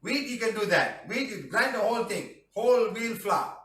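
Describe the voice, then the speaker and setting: High-voiced man, roomy echo. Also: expressive, normal speed, a bit bright. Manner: joking, teasing, repeats words with "huh?" and "lah". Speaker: healing teacher. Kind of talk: live online class reading viewer comments. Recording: roomy echo, mic at a distance.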